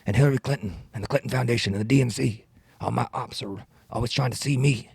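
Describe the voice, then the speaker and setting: An old politician boasts through a slow, drawling comic freestyle rap, as a man puts him on. The voice is gravelly and sits a touch higher than the performer's own. The sound is dry and close. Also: a little mellow, no echo. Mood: boastful. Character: impression of an old male politician freestyle rapping.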